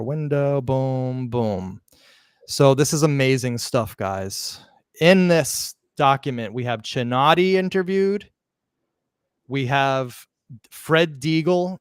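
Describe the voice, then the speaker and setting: A man hosting a live podcast, talking excitedly and emphatically, often restarting words mid-sentence. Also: mid-range voice, clear, resonant tone, no echo, clean studio sound. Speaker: podcast host.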